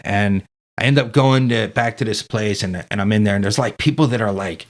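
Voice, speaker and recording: Low-voiced man, candid and profane. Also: a little fast. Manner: candid and profane, heavy with fillers like dude and man. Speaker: podcast guest. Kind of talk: casual storytelling.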